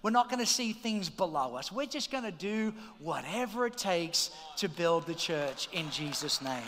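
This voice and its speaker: High bright-voiced preaching pastor. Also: male voice, normal speed, a little hiss or hum. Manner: energetic, shouting calls to the congregation. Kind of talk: sermon. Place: large church auditorium. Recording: long hall reverb.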